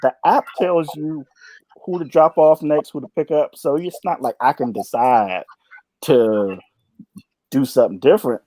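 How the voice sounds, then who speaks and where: A man's voice: fairly high pitch, a little slow, mellow, dry recording, low-quality recording. A man in casual chat, laid-back and joking, trailing off with fillers.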